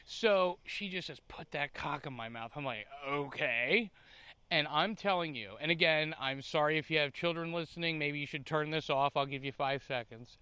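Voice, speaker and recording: Man, podcast host, animated storyteller, stumbling repeats, bright tone, smooth clear voice. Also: on the high side, fairly quick, hardly any pauses, dry recording. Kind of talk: casual storytelling chat.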